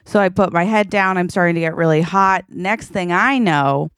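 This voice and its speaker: A woman in her thirties co-hosting a podcast, telling a story in a lively chatty way, acting out her own lines and tossing in "okay?" and "like" a lot. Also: lowish voice, normal speed, smooth, no room sound, studio quality. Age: 30s. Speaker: podcast co-host. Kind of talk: casual podcast chat.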